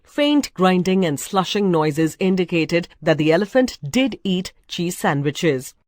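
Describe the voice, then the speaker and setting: Low-voiced woman reading a storybook. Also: expressive, a little slow, a little mellow, no echo, clean studio sound. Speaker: reader. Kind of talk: storybook narration.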